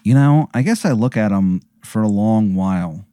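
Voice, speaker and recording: A man's voice: on the low side, lively intonation, moderate pace, dark tone, no echo. A man playing a tabletop game, laid-back and joking, swearing freely as he plays his character. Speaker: player.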